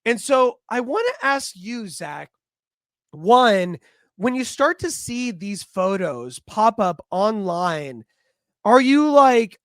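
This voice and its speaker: A woman's voice: a little high, sing-song, slow pace, dry recording. A woman hosting a casual podcast discussion, talking conversationally and sometimes searching for her words. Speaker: podcast host.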